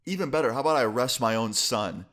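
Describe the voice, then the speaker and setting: A man's voice: medium pitch, animated, fast talker, fairly bright tone, close to an everyday voice. A man voicing an angry, suspicious middle-aged father who interrogates and swears at teenagers. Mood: furious.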